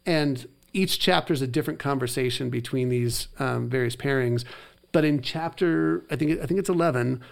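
A man co-hosting a faith podcast, casually retelling a story and acting out the quoted lines with lively emphasis. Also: medium pitch, moderate pace, vocal fry. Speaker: podcast co-host. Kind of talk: casual chat.

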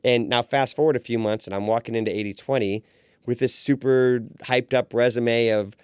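Smooth and mid-range, the voice belongs to a man in his forties who runs a restaurant and is telling his story on a podcast at normal speed. He's animated, acting out the voices he quotes, in clean studio sound without echo.

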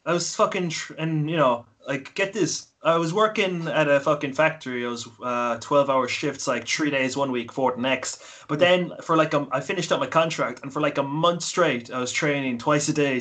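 Swearing, rambling man in his twenties. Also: medium pitch. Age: 20s. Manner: swears a lot, rambling and animated. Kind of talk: casual chat.

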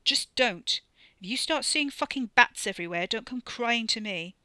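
A woman's voice: mid-range voice, fairly quick, pushed and bright, no room sound, lightly acted. A woman reading the part of an irritable young man, swearing and teasing. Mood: exasperated. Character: irritable young British man, blunt and sarcastic.

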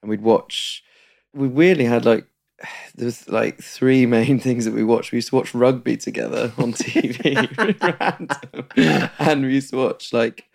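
A man's voice: mid-range voice, a little slow, vocal fry, darkish tone. A young man speaking as a podcast guest, chatty and self-deprecating, laughing lightly through sad personal stories. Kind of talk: candid personal conversation.

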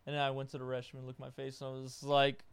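A man's voice: medium pitch, monotone, very fast, vocal fry, clear, resonant tone, dry recording. A man on a casual podcast, telling a self-mocking story.

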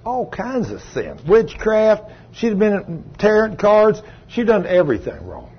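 Pastor, man, husky higher voice, storytelling sermon with big swings in loudness, muffled sound. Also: wildly swooping pitch, a little slow. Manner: swings from low quiet telling to loud raised retelling. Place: church sanctuary.

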